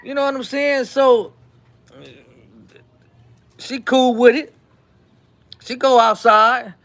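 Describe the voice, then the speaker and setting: A man with a strikingly high voice tells a story to his show's audience. He talks casually and animatedly, acting out what others said and repeating lines for effect. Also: steady tone, takes it slowly, fairly bright tone. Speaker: host telling a story.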